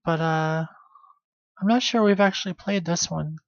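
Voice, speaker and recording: A man's voice: a little high, normal speed, no echo, muffled recording. A man hosting his own live stream in a casual, rambling way, trailing off into half-finished sentences. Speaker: livestreamer.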